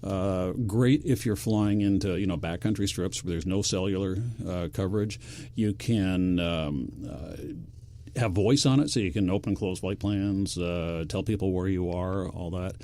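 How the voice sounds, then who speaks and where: A man explaining a product on a live radio interview, pausing often with filler sounds. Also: sits low, dark tone. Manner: hesitant, many fillers. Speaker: company representative guest.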